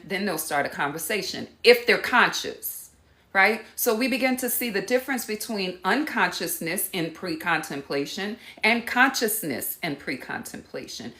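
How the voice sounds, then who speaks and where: A woman's voice: medium pitch, bright, forceful tone, reverberant. A woman teaching empaths in a casual live talk, giving direct instructions and calling her viewers y'all. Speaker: empath coach.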